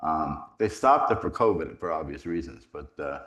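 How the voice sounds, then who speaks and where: A middle-aged man, a priest, giving a rambling, animated retreat talk full of stories and self-deprecating humor. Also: a bass voice, moderate pace. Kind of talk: conversational retreat conference, storytelling.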